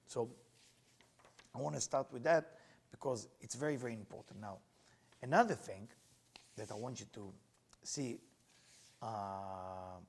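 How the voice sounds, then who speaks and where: A man's voice: medium pitch, measured pace, gravelly, long pauses, a little hiss or hum. A middle-aged man teaching Kabbalah in an earnest way, mixing personal stories into the lesson in plain, slightly non-native phrasing.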